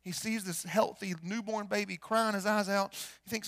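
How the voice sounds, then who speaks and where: A pastor preaching a storytelling sermon, swinging between hushed and loud and firing rhetorical questions. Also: male voice, high-pitched, steady tone, a little fast, few pauses, no room sound. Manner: rhetorical questions, repeats words.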